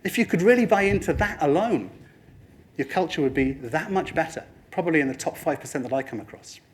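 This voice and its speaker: A man giving a lively motivational presentation to a room, addressing the audience and slipping into other people's voices for quoted lines. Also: on the high side, a little fast. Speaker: speaker at a training talk.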